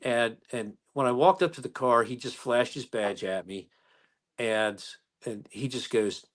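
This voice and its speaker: A man's voice: mid-range voice, measured pace. A man in his sixties, a police chief from the United States, animatedly telling stories in an interview. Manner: animated storyteller who acts out dialogue. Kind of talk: storytelling interview.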